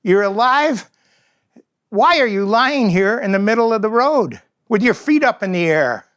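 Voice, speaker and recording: A man's voice: high voice, very animated, unhurried, a bit bright, clear, resonant tone, pitched above the performer's own voice, exaggerated voice. A man voicing a scornful male bird of prey that taunts a smaller bird with incredulous questions. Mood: mocking.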